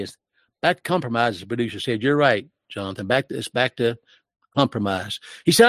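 A man's voice: mid-range voice, fairly quick, a bit bright, dry recording, clean studio sound. An older man in his sixties giving emotional, preachy commentary in a sermon-like style, with his voice rising when he gets worked up.

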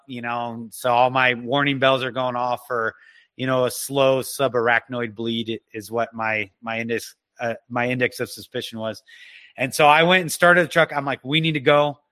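A man giving an emotional personal testimony as a guest, earnest and halting, often restarting his sentences. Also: medium pitch, bright, forceful tone, dry recording. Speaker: guest telling a personal story.

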